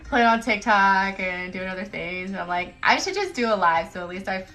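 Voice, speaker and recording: A chatty woman in her thirties talks casually into her phone on a livestream, rambling from one thought to the next with giggles and self-mocking jokes. Her voice sits at an ordinary middle pitch, and faint music plays softly behind her. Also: lively intonation, normal speed, poor audio.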